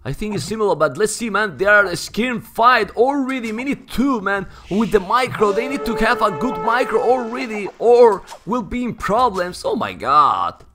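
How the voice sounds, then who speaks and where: A man with a Spanish accent, Spanish as his first language, giving excitable live commentary on a strategy game and calling everyone "man". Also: high-pitched, moderate pace, hardly any pauses, faint music behind. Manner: excitable, keeps saying "man", surges into shouts when hyped. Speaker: esports caster.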